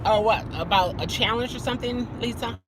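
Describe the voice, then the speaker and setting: A woman's voice: on the high side, fairly quick. A woman chatting casually to her livestream viewers while driving, rambling, greeting commenters by name and repeating a favorite exclamation. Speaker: vlogger and rideshare driver. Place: inside a car driving on city streets. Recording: car and street noise behind.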